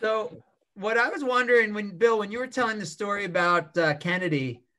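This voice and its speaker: Bright high-voiced male co-host. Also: fairly quick. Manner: rambling questions full of "like" and "you know". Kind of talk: casual interview.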